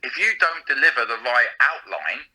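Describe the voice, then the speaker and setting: A man talks casually in an interview, laughing often and tripping over his words as he goes. His voice is strikingly bright and sharp. It comes through a slightly tinny line. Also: medium pitch, sing-song, moderate pace, husky. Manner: chatty, laughing, many restarts. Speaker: panto comic and radio presenter, guest.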